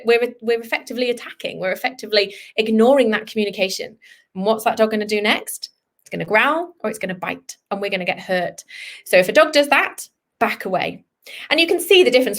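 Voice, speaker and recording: A woman, a vet, giving a chatty, animated live online lesson for children over a video call. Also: on the high side. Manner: animated, chatty, acts out dog voices. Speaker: vet teaching kids.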